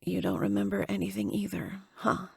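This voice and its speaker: A woman voicing a weak, exhausted captive woman whose voice is dry and rough, in an audiobook. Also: mid-range voice, flat delivery, moderate pace, no room sound, exaggerated voice. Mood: weary resigned. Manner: exhausted, resigned. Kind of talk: audiobook dialogue.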